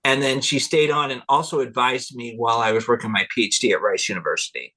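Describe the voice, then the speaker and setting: Bright-voiced man telling stories with laughs. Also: mid-range voice, quick pace. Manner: rambling, laughs often, quotes people in animated voices. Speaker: guest, cultural anthropologist. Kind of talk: relaxed interview storytelling.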